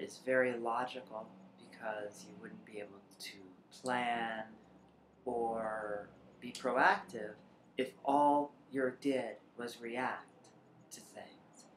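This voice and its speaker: A trans woman talking reflectively in a personal vlog, rambling at times and sometimes dropping to a near whisper. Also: extremely low pitch. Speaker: vlogger. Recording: echoey room with faint background noise.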